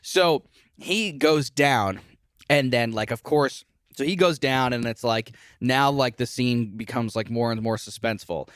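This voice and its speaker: A man's voice: mid-range voice, a little slow, clean tone, no room sound, studio quality. A young man co-hosting a podcast, casually retelling a horror film and acting out quoted lines. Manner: animated retelling with quoted voices. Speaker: podcast co-host. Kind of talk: casual movie review chat.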